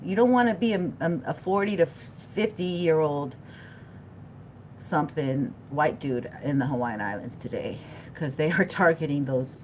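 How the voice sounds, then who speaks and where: A middle-aged woman reads tarot on a live stream, talking to the chat in a loose, animated way and wandering off on side stories. Her pitch swings widely. A faint low rumble sits behind her. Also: measured pace. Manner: animated and chatty, talks to the chat, laughs often, loses her thread. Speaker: tarot reader. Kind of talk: live-stream tarot reading, chatting with viewers.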